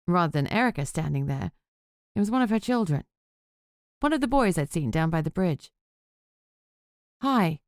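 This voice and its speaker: Female audiobook narrator, lowish voice, dry close-miked read. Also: a little mellow, no room sound. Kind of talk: first-person audiobook narration.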